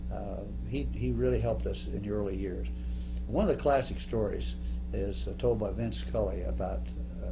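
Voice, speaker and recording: A former ballplayer reminiscing in an unhurried, easygoing way during an interview. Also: male voice, on the low side, noisy background.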